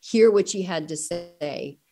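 A middle-aged woman, a parent guest in an interview, telling family stories with lively acted-out dialogue. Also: fairly low pitch, takes it slowly. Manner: animated storyteller acting out family dialogue. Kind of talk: conversational interview storytelling.

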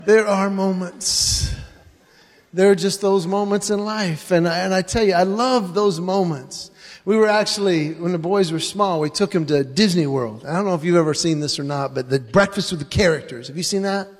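A man's voice: high voice, normal speed, in a large hall. A man doing stand-up comedy before a live audience, animatedly telling family stories.

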